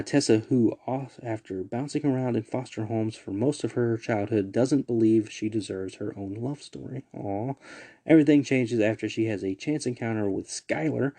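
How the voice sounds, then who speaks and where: Low, mellow-voiced male podcast host. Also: vocal fry. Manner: loose, rambling, laughs at his own asides. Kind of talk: casual solo podcast.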